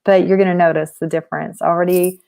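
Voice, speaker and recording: A woman's voice: lowish voice, level tone, fast talker, gravelly, warm tone, clear, resonant tone. Chatty Texan woman in her forties. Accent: Texan Southern. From Texas. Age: 40s. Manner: chatty and upbeat, with many ums and restarts. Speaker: life coach. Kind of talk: casual live-stream chat.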